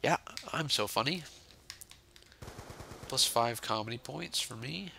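A young man giving casual, joking commentary while playing a zombie video game, sarcastic and swinging between mumbled asides and sudden yells. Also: mid-range voice, slow pace, gravelly, a little hiss or hum. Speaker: gaming channel host.

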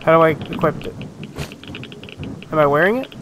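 A man talking over his gameplay in a loose, joking way, with frequent swearing and quick reactions. His voice sits a bit higher than most men's. Steady rain and rolling thunder from the game run clearly behind him. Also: noisy background. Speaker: let's play gamer. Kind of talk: casual gameplay commentary.

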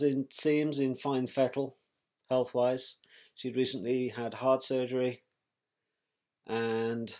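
A middle-aged man, recalling a painful family event in a measured, reflective way with pauses and restarts. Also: medium pitch, darkish tone. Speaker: interviewee, victim's brother. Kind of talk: personal recollection.

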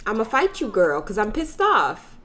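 A woman let's play gamer gives sassy, joking commentary on a life-sim video game. Her medium-pitched voice moves at normal speed, animated and full of slang.

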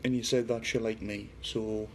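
A little hiss or hum accompanies the lowish, level voice of a middle-aged Geordie from Newcastle in northeast England, talking at normal speed. He's casually hosting a paranormal livestream, reading viewer comments and talking to a spirit box.

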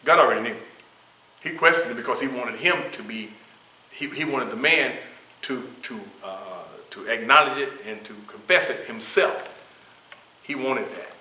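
A man's voice: medium pitch, normal speed, bright, forceful tone, reverberant, poor audio. A man teaching a church Bible study, reading passages aloud and then explaining in his own words with restarts. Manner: reads from notes, then speaks off the cuff with restarts. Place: church room.

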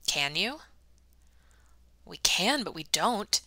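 A woman voicing a brisk, brusque older woman who speaks in a matter-of-fact way. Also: fairly low pitch, sing-song, pushed and bright, no room sound, full character voice.

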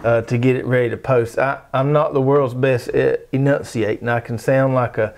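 A man's voice: mid-range voice, fairly even intonation, moderate pace, vocal fry, a little mellow. A middle-aged man with a Southern US accent hosting a casual garden show, talking in a folksy, rambling, drawling way. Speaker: show host. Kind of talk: casual chat.

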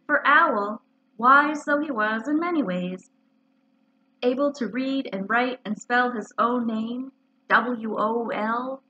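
A woman librarian reading a children's storybook aloud in an expressive, animated way, on a dull lo-fi recording. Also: fairly high pitch, a little hiss or hum.

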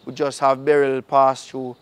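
Brief: Jamaican male host, easygoing outro chat, mid pitch. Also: measured pace, clean tone. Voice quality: Jamaican patois phrasing, relaxed. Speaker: filmmaker and channel host. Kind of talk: casual outro talk to viewers.

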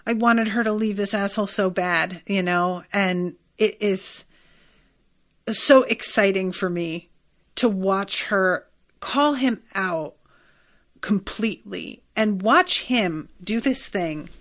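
A woman's voice: medium pitch, takes it slowly, fairly bright tone. A woman hosting a TV recap podcast, talking candidly and swearing freely, now and then acting out lines from the show. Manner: candid, swears freely, quotes scenes in a light acted tone. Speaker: podcast host.

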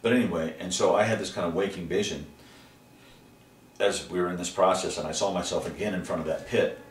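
A middle-aged man from Texas, a guest in an interview, telling about his dreams in an animated way, jumping to high exclamations when he acts out scenes. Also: a little fast, recorded from a distance. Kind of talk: personal storytelling in an interview. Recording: roomy, from away from the mic, faint background hiss.

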